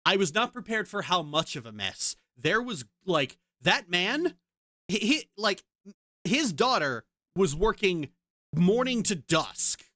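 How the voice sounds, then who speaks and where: A woman's voice: on the low side, sing-song, slow, a bit bright, no echo. A woman streamer in casual chat, ranting heatedly and swearing a lot.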